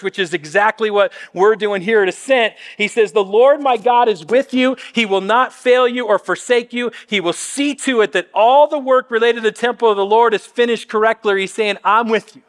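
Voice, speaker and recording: A pastor in his fifties preaching a sermon in a church, earnest, sometimes dropping to a soft near-whisper for emphasis. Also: sits high, big-room sound. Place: church auditorium.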